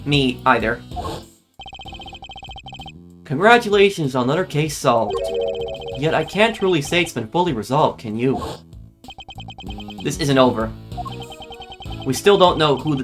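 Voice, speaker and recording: A man voicing a composed male prosecutor in a measured, formal way while playing a game. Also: mid-range voice, animated, over music, pitched below the performer's own voice, lightly acted. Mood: grave.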